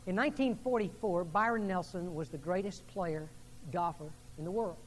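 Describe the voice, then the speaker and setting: A man's voice: high-pitched, normal speed, long reverb tail, a little hiss or hum, rough recording. A man preaching a sermon to his congregation in a church, building emphasis through a string of questions. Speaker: pastor. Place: church sanctuary.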